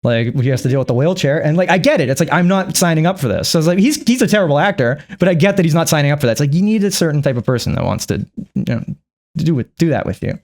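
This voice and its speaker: A man's voice: on the high side, very animated, very fast. Rambly guy recapping a movie, swears a lot, chuckles, voice bouncing all over. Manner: rambling, profane, chuckling often. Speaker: vlogger.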